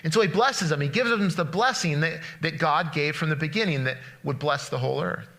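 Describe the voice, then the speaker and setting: A man's voice: a little high, brisk, creaky, bright, forceful tone. A male pastor giving a conversational sermon, retelling a story animatedly with frequent restarts.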